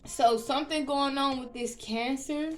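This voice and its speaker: A woman giving a casual tarot reading, chatty and loose, with frequent ums and restarts. She opens with a softly murmured prayer. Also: high-pitched, fairly even intonation, unhurried, a little hiss or hum. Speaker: tarot reader.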